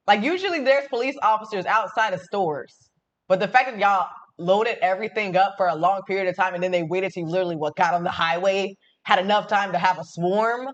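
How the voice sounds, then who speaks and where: High-voiced man doing reaction commentary. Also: brisk, a bit bright, highs cut off. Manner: joking, incredulous asides. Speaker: reaction show host.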